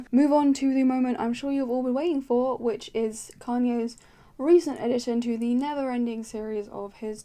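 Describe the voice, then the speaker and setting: A woman giving a comedic commentary rant, exasperated and rambling, swinging between low mutters and loud outbursts. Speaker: commentary YouTuber.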